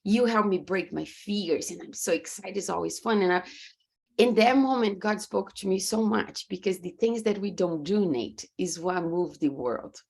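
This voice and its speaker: Brazilian-accented woman, husky and animated. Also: mid-range voice, moderate pace. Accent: Brazilian Portuguese. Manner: animated storytelling, acts out her own reactions; faith-driven, earnest. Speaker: podcast guest, women's coach. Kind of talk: conversational interview. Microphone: video call.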